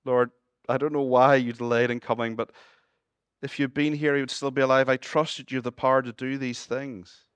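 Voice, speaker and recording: Man, Northern Irish accent, pastor preaching, middle-pitched voice, dry close sound, jokey asides and quiet earnest appeals. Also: fairly quick, smooth, no room sound. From Northern Ireland. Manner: shifts between lively humorous asides and hushed earnest appeals. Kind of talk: sermon.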